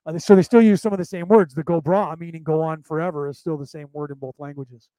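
A man's voice: on the high side, fairly even intonation, fast, warm tone, dry recording, low-quality recording. A man from Ireland with an American accent, teaching a class in a rambling way, repeating himself and restarting as he explains step by step. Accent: American English. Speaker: spiritual teacher. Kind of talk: casual lecture.

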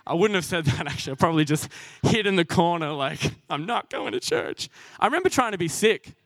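A man's voice: on the high side, lively intonation, quick pace, no room sound, studio quality. A young man preaching a sermon, earnest and self-deprecating, laughing at himself as he goes.

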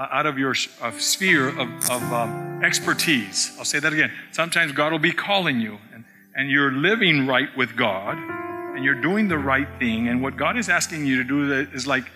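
A man preaching in a church sanctuary, his slightly high voice building into emphatic repeated phrases. A long reverb hangs on his words, and clear instrumental music plays underneath. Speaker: pastor. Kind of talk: sermon.

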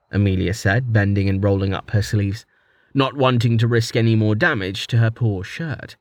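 A man's voice: lowish voice, normal speed, no echo. Dry-voiced male audiobook narrator. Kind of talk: scripted fantasy narration.

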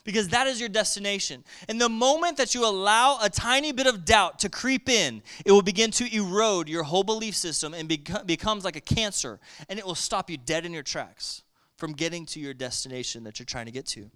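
A man preaching a sermon with lively energy, calling on the congregation to respond. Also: high-pitched, brisk, smooth.

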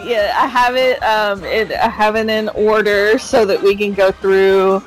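A woman's voice: mid-range voice, steady tone, unhurried, low-quality recording. A woman hosting a casual podcast, upbeat and giggly as she keeps things orderly. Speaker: podcast host.

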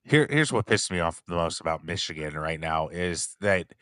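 A man co-hosting a sports podcast in heated casual chat, mocking and mimicking others in squeaky voices. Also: animated, moderate pace, a bit bright, no echo. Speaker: podcast co-host.

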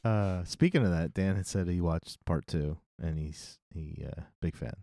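A man co-hosting a podcast, animated and joking, laughing often as he chats. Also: sits low, moderate pace, creaky, no room sound, clean studio sound, faint music behind. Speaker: podcast co-host. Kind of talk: casual podcast chat.

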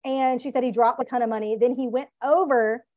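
A woman co-hosting a podcast, giving business coaching in a fired-up, animated rant. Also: a little high, fairly quick, no room sound, highs cut off. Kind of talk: casual podcast chat.

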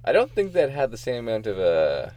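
A young man chatting on a casual podcast, his pitch swinging widely as he jokes around. He keeps breaking into laughter mid-sentence, relaxed and playful. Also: a little fast. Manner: giggly, laughs often while telling jokes. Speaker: podcast co-host.

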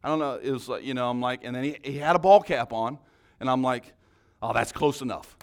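A man's voice: medium pitch, fast, clean tone. A man preaching a sermon, telling a story in a casual, conversational way with many restarts. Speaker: pastor.

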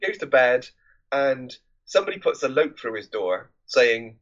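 A man's voice: medium pitch, very animated, a little slow, muffled recording. A man hosting a film podcast, recapping a movie plot in a loose, rambling, conversational way.

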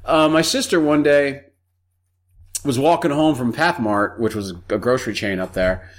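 A man's voice: medium pitch, fairly even intonation, moderate pace. A man telling crude, joking stories in casual podcast chat, swearing freely. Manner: profane, storytelling, jokey.

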